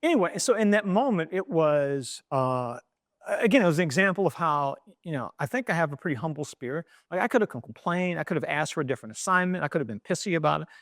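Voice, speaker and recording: A middle-aged man from East Baltimore, a journalist telling an animated anecdote in an interview, with frequent restarts. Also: on the high side, quick pace, no echo, studio quality. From East Baltimore, USA.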